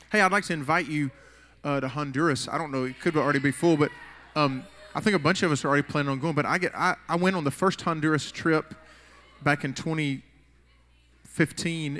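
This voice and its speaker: A man's voice: mid-range voice, fairly bright tone. A man preaching a sermon in a casual, rambling way, restarting sentences as he tells a story in a church. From United States. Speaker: pastor. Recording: long hall reverb.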